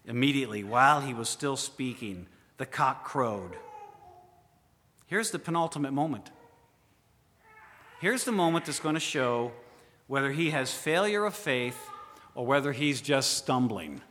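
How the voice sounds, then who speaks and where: A man preaching a dramatic sermon with a bright, forceful tone. He fires questions at his listeners and drops to a hush for effect. His voice rings with the long reverb of a large hall. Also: medium pitch, very animated, unhurried, pauses often, slight background noise. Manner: dramatic, questions the listeners directly, swings from loud to hushed.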